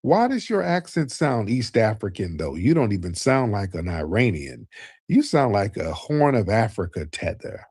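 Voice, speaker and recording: A man's voice: fairly low pitch, big pitch swings, moderate pace, darkish tone, breathy edge, dry recording. Combative male talk-show host, dry sound. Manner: combative and mocking, keeps saying "sir"; lectures at length in a storytelling way. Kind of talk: live call-in show commentary.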